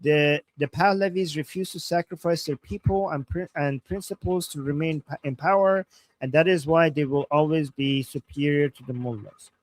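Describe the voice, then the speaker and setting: A man from Iran with a fairly high voice chats through viewer messages on a live stream. He laughs easily and often starts over mid-sentence. His voice is recorded close and dry, with no room echo. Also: normal speed. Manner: chatty, laughs easily, many restarts. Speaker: livestream co-host. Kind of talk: casual live-stream chat.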